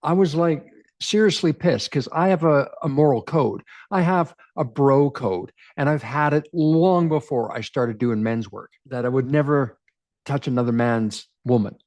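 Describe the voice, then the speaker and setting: A man in his forties from Canada, a men's relationship coach, telling a personal story to camera in an emphatic, animated way with repeated phrases. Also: mid-range voice, measured pace. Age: 40s.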